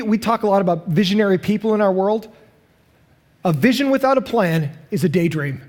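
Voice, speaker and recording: A man preaching a sermon as pastor, animated and acting out the voices of the people he quotes. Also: high-pitched. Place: church sanctuary. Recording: long hall reverb.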